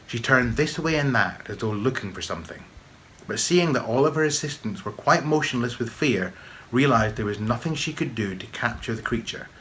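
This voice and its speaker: Guy reading his own kids story, low-ish but bright voice, faint hiss behind.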